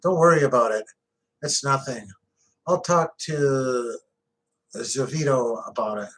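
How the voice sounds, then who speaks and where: A man puts on a small immigrant father with a light Italian accent, calm as anything and waving trouble away. He speaks slowly and unhurriedly, in a level middle register. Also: medium pitch, a little hiss or hum, lightly acted, poor audio. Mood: calm, dismissive.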